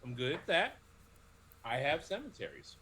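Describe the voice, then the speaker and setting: A man's voice: mid-range voice, huge pitch swings, normal speed, crowd noise. A man on a live stream adding wry one-liners. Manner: wry quips. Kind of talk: casual chat on a live stream.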